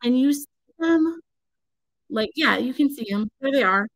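A woman's voice: sits high, animated, moderate pace, low-quality recording. A woman crafter on her own channel, talking casually in a rambling, exasperated, self-interrupting way from home. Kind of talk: casual vlog rant.

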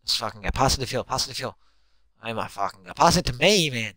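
A young man giving live commentary on his own basketball video game, excitable and swearing constantly as he yells at teammates. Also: medium pitch, fast talker, no echo. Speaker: gamer.

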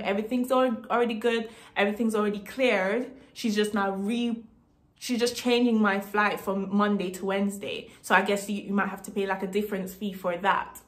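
A woman from Jamaica telling a casual storytime vlog story, emphatic, repeating herself and laughing between lines. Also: medium pitch. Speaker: vlogger.

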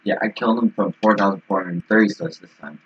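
A man's voice: on the low side, fast, a bit bright, husky. A man giving casual, playful commentary while playing a shooter game, singing and chanting between kills. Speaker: gaming streamer. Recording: dull lo-fi mic with faint keyboard typing.

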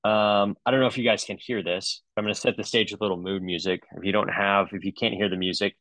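A man's voice: fairly low pitch, fairly even intonation, fast, fairly bright tone, no room sound, low-quality recording. A middle-aged man, a dentist, giving a comedic webinar talk in a sarcastic, joking way with loose fillers.

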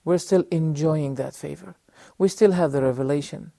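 A middle-aged man teaching a religious lesson on a TV program, telling a story earnestly with measured pauses and rhetorical questions, speaking straight to his audience. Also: fairly high pitch, vocal fry, dark tone, no echo. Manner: addresses the audience directly. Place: TV studio.

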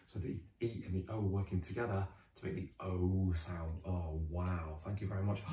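A British man teaching a children's phonics lesson, sounding out words slowly and cheering the children on. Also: low-pitched, echoey room. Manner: animated, drawn-out sounding out of words.

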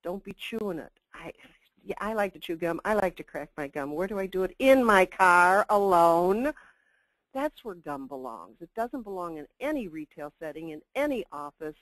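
A woman's voice: on the low side, animated, normal speed, no room sound, rough recording. Older woman, customer service trainer, emphatic webinar talk, dry close sound. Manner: emphatic, chatty, with asides. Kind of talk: webinar presentation.

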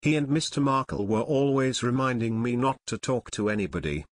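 Man doing teen boy, earnest, hesitant, mid-pitched, dry close sound. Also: a little fast, dry recording, lightly acted. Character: teenage boy Ken, shy and earnest.

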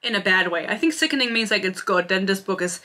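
A woman's voice: medium pitch, fast, sharp tone. A young woman in her twenties reviewing a book in a casual, sarcastic rant, swearing freely. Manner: sarcastic, swears freely, mimics characters in quotes.

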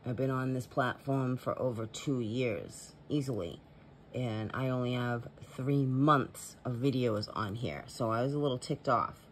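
A man's voice: medium pitch, unhurried. Guy doing a paranormal vlog voiceover, earnest and kinda rambly, faint hiss behind. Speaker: paranormal vlogger. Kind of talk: casual vlog voice-over.

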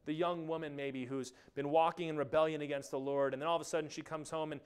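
A man preaching a sermon as pastor, animated and acting out quotes along the way. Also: on the high side, fast, clean tone. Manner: animated, acts out quotes and asides.

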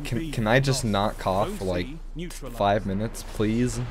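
A young man giving casual gameplay commentary, excitable and swearing, with sudden loud outbursts. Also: fairly low pitch, a little slow, crowd noise. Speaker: gaming channel host.

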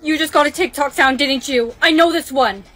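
High, bright young woman acting skits. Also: normal speed. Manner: dramatic, exaggerated delivery. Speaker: skit creator. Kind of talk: comedy skit acting.

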